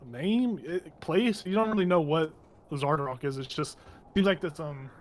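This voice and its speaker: Guy running a tabletop game, kinda high voice, says um and like a lot. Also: normal speed, a little hiss or hum. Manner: rambling, laughing, many fillers. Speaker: game master. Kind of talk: casual tabletop game narration.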